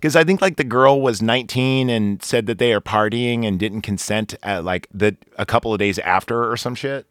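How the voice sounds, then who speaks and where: A man chatting casually on a podcast, rambling through a film recap with crude jokes and plenty of fillers. His voice sits in a middle pitch, recorded dry and close with no room sound. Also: moderate pace, hardly any pauses, a bit bright, no room sound. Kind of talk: casual chat.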